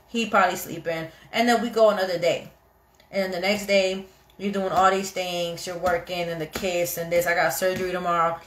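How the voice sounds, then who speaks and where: A woman hosting a casual live chat about marriage, animated and chatty, often acting out what people say. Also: medium pitch, moderate pace. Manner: animated, chatty, quotes people in little acted voices. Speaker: host of a live chat for couples. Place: home, kitchen nearby. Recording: echoey room.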